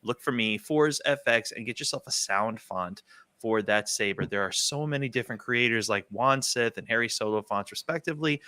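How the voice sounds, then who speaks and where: Male guest, bright tone, upbeat plug with a showman opening, dry close recording. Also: mid-range voice, a little fast, dry recording. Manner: showman-style announcing, upbeat. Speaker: sound designer plugging his work. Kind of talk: casual podcast plug.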